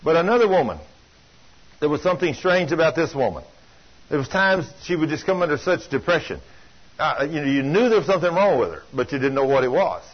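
An older man preaches with a drawl, his voice a little husky and pitched somewhat high. He tells folksy stories, swinging from loud, urgent passages down to hushed ones. The recording sounds dull and lo-fi. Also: very animated, brisk. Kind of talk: sermon.

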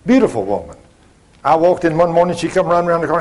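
A middle-aged preacher man spins a folksy story from the pulpit, voicing everyone in it himself. His voice sits a touch high for a man. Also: sing-song, racing. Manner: folksy storytelling, acting out both sides of conversations. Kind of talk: sermon with told stories.

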